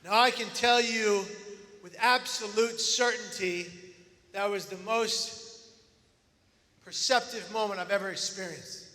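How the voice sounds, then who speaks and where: A man giving an energetic, playful chapel talk, rallying the crowd. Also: sits high, unhurried, long pauses, long reverb tail. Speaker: guest speaker.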